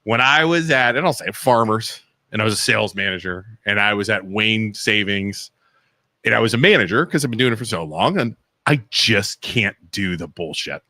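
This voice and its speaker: Male co-host, Ohio accent, blunt storyteller, bright tone, close dry studio sound. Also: lowish voice, moderate pace, dry recording. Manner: blunt, animated storytelling, acts out quotes. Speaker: co-host, mortgage broker. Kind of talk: casual radio talk show chat. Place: small studio.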